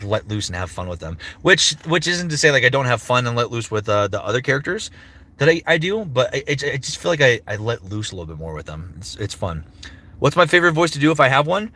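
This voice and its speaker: Lively young man chatting on stream. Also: mid-range voice, brisk. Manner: lively, swears casually, drops into character voices between answers; rambling with many fillers and restarts. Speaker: voice actor hosting a live stream. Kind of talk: casual live-stream chat answering viewers.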